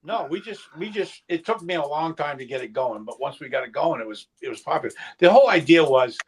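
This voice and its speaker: A man's voice: on the high side, animated, quick pace, husky. A man who started the podcast, chatting casually and telling stories in a laid-back way, laughing easily. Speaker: podcast founder and co-host. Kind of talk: casual round-table chat.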